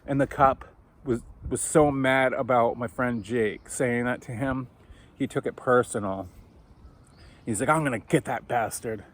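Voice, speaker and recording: A man casually telling a personal story over coffee, animated and swearing, acting out the voices of people he quotes. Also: medium pitch, a little slow.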